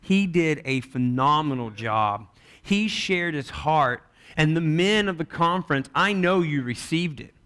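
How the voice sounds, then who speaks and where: A young man preaches from the pulpit in a high, bright voice. He tells his stories in an animated way, slipping into the voices of the people he quotes. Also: unhurried, smooth. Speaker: pastor. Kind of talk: sermon.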